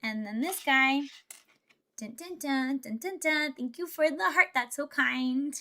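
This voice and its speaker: High bright chatty woman streamer. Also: measured pace. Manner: chatty, playful, talks to chat and to the pieces. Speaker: VTuber streamer. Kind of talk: casual live-stream chat while building Lego.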